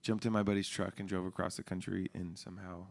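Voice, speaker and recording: A deep-voiced man from Oregon, sitting as the musician guest in a radio studio. His voice has a gravelly fry at the bottom. He chats loosely and playfully, trading jokes throughout a casual interview. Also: flat delivery, quick pace.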